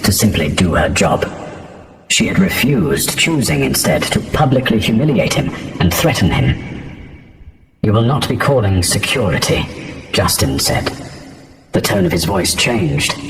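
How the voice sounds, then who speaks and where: A man narrating a scripted story in a steady, even delivery. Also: low-pitched, echoey room, slight background noise.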